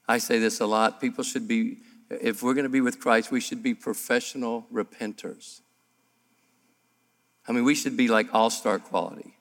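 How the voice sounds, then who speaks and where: A man preaching a sermon to a room of men, emphatic and humorous, and his voice climbs higher and louder as he builds. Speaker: pastor. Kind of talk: sermon at a men's breakfast. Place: large room before an audience. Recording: live hall with long reverb.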